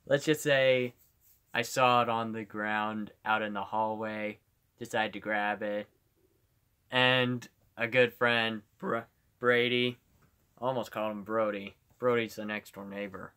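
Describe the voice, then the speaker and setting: A man's voice: on the low side, steady tone, slow, long pauses, bright, forceful tone, clear, resonant tone. A male streamer chatting casually on a live stream, rambling and giggling, with lots of "like".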